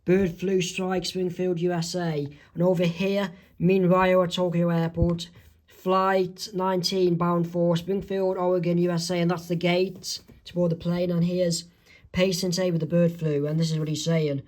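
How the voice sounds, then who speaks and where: A man casually narrating his own fan comic, halting and restarting as he goes. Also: on the high side, flat delivery, a little mellow. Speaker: comic artist.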